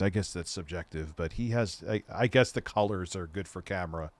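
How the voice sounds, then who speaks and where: A middle-aged man hosts a casual commentary stream, rambling, laughing easily and swearing often. His voice is low and brisk, with slight background noise.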